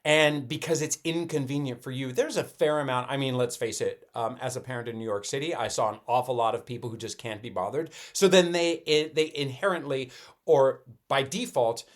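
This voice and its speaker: A man's voice: mid-range voice, a little fast. A middle-aged man from Colorado, co-hosting a podcast in casual chat and telling stories with quoted dialogue. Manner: animated storytelling, with quoted dialogue. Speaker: podcast co-host.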